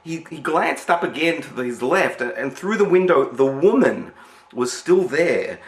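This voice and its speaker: A man's voice: medium pitch, a bit bright, echoey room. A man telling a story in a rambling way, with many restarts and repeated words. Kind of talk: spoken storytelling.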